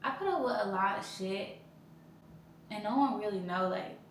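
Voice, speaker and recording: A young woman, casually telling her own breakup story as a podcast host, blunt and profane, jumping into high loud voices when she quotes others. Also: moderate pace. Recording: very echoey room, faint background noise.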